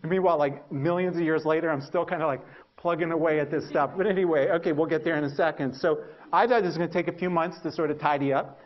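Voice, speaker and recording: A male lecturer with a fairly high voice tells anecdotes about his early research in an animated style, mocking himself and acting out what he used to think. The recording sounds a little muffled. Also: fast. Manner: animated storytelling, acts out his past thoughts; self-mocking humor. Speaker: university lecturer.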